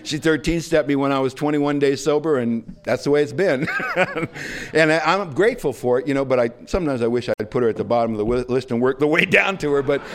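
A man's voice: mid-range voice, quick pace. A man sharing his story at a recovery meeting, rambling and self-deprecating with lots of fillers. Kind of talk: humorous personal storytelling.

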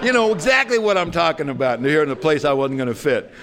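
Man telling wry stories, slightly high voice. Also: very animated, fast, fairly bright tone. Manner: rambling, self-deprecating, with many fillers. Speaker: speaker at a recovery meeting. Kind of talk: humorous personal storytelling.

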